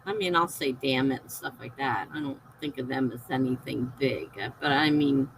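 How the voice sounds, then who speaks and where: A woman's voice: extremely low pitch, normal speed, a little hiss or hum, rough recording. A middle-aged woman hosting a live stream, chatting casually with viewers, laughing often and reading out their comments.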